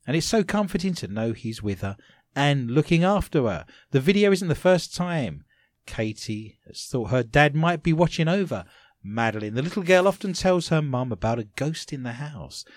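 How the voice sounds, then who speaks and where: A man's voice: on the high side, moderate pace, no echo. A man hosting a comedy talk show, telling odd news stories and joking with co-hosts. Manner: jokey, animated storyteller. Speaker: host.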